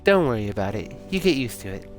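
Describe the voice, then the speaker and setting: A man's voice: mid-range voice, big pitch swings, quick pace, soft background music, close to an everyday voice. A man voicing a blunt, sweary, sardonic pregnant young woman in a taxi, read from a story game. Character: feisty pregnant young English woman passenger.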